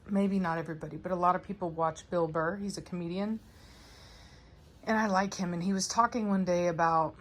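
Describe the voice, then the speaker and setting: A woman dog breeder and trainer talking casually to her viewers in a chatty, rambling way. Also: on the low side. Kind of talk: casual vlog talk to viewers.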